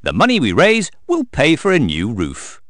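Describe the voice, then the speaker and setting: Man playing a lady gazelle teacher, formal, announcing, lively, dry close sound. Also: on the high side, normal speed, dry recording, voice pushed up. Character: formal female gazelle schoolteacher.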